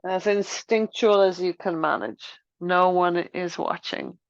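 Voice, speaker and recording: Woman yoga teacher, calm unhurried guidance, dry close sound, a touch muffled. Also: lowish voice, dry recording. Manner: gentle, unhurried guiding. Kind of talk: guided movement class. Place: room with wooden floor.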